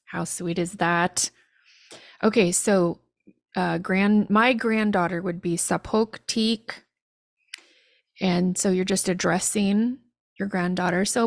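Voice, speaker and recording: A woman's voice: fairly low pitch, fairly even intonation, slow, gravelly, long pauses, no room sound, clean studio sound. A woman teaching phrases in a live-streamed language lesson, chatty and laughing at literal translations.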